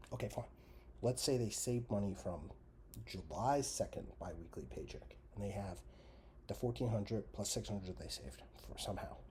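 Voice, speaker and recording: A man hosting a podcast, delivering a sarcastic, profane comedic rant that jumps from loud jabs to muttered asides. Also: on the low side, slight background noise. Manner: animated, sarcastic, heavy swearing, trails into mutters and whispers. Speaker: podcast host.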